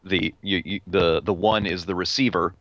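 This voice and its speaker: Man, very low voice, halting, fillers, dry dull recording. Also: steady tone, fairly bright tone, no echo. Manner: halting, many restarts and fillers. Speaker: podcast panelist. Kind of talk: casual technical discussion.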